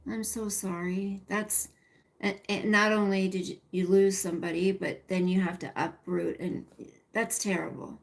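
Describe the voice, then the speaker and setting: A woman's voice: mid-range voice, level tone, normal speed, creaky. A middle-aged woman hosting a casual livestream, rambling and chatty as she talks to viewers by name and reads their comments. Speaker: livestream host.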